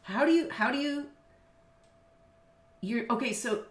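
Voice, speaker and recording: A middle-aged woman who teaches business law in Los Angeles, United States, chats casually on a video call, using many fillers and laughing readily. Her voice leans high, with lively intonation and a slightly slow pace. The recording sounds echoey.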